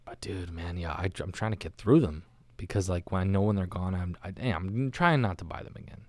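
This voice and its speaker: Rambling, low-voiced podcast host. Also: male voice, fairly quick, a little mellow, no echo. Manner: rambling, self-mocking, slangy. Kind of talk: casual solo podcast monologue. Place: recorded alone, not live. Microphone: studio microphone.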